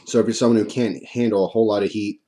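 A man with a deep, mellow voice talks casually at his desk while reviewing a hot sauce. He rambles and restarts his sentences in an easygoing way. His mouth is burning and he keeps drooling as he speaks. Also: fast talker. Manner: relaxed, chatty, rambling with restarts.

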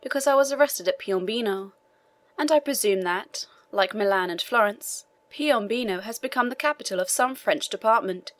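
A woman reads an elderly priest locked in a dungeon, earnest and persistent as he presses a visiting official. His voice sits at an ordinary middle pitch, plainly told in an audiobook style. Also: normal speed, lightly acted. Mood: pleading. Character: elderly imprisoned male Italian priest, eager, learned.

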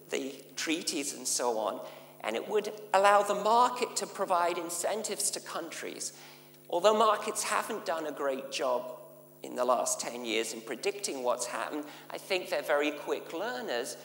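A man, a finance professor, giving a measured, explanatory conference talk with frequent pauses. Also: a little high, a bit bright. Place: conference venue. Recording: echoey hall with faint hum.

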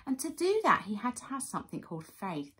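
A woman in her thirties leading a children's worship session, telling a Bible story in an animated way, with gasps and acted-out voices. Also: medium pitch, fairly quick.

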